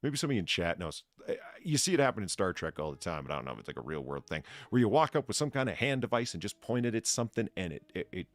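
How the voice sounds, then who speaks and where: A man's voice: lowish voice, very animated, very fast, few pauses, no echo. A man hosting a stream, chatting casually and rambling through asides. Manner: laughs often, reads mockingly, rambling asides. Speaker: stream host. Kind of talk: casual chat, reading aloud.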